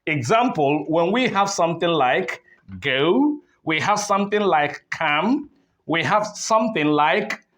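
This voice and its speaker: A man with a Nigerian English accent, his voice sitting a little higher than most, walks through an online lesson at an unhurried pace. He repeats terms and checks in with his listeners often, with frequent fillers. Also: expressive, fairly bright tone. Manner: explains slowly, repeats terms, many fillers and okays. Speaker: English teacher.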